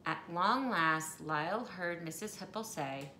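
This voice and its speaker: A woman reading a children's storybook aloud with expressive, animated delivery and playful asides. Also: lowish voice, measured pace, a little hiss or hum. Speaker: storybook reader. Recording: echoey room, faint ambience.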